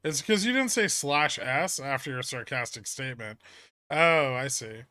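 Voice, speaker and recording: A man's voice: medium pitch, lively intonation, normal speed, pushed and bright, no echo. A man hosting a casual trading livestream, reading chat questions and answering with dry, sarcastic humor. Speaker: livestream host.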